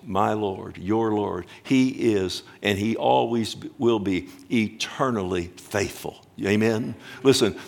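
An older man preaching a sermon as pastor, emphatic and deliberate, swinging between hushed lines and booming ones, drawing out key words. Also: gravelly. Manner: slow, drawn-out phrasing on key words.

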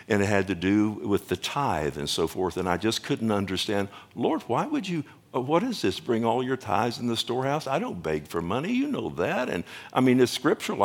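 A male pastor delivers a sermon, turning often to the congregation with questions. His voice sits low and carries a gravelly fry. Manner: preaching with rhetorical questions to the congregation.

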